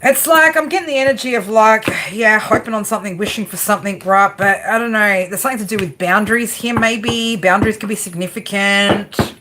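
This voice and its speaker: A woman's voice: medium pitch, fairly quick, hardly any pauses, noisy background. A woman giving a live tarot reading in a brash, chatty way, swearing freely and calling her viewer girl and baby. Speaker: tarot reader.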